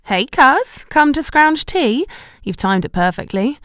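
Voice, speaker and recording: A woman reading an audiobook, voicing a loud, teasing young female cousin who smirks and grumbles. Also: on the high side, sing-song, a little slow, dry recording, clean studio sound, pitched above the performer's own voice.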